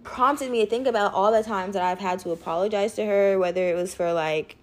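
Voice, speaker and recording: A woman and mother telling a story in casual chat, animated and expressive, swearing casually. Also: medium pitch, brisk. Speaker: podcast co-host, mother.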